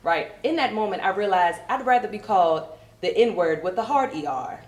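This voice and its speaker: A woman from Virginia with a Southern accent performing a brassy, animated stand-up comedy set. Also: normal speed, echoey room. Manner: brassy, animated, puts on high posh voices for coworkers.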